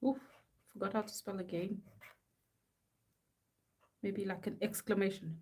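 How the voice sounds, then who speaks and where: A woman's voice: medium pitch, fairly even intonation, measured pace, pauses often, a little mellow, slightly rough. Playful woman chatting. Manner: playful, reads signs in a mock-serious chant. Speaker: artist live-streaming. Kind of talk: casual chat while making art.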